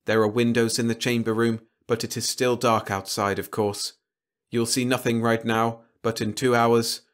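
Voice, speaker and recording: A man voicing a calm, formal robot leader who speaks in a flat, measured, polite way, a little higher than his own voice. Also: close to an everyday voice. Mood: cold, formal.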